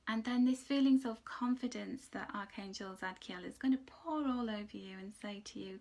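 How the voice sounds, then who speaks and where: A woman giving a chatty, rambling angel card reading, sometimes dropping into soft whispered asides. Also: mid-range voice, moderate pace, vocal fry, hardly any pauses. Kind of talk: casual spiritual card reading.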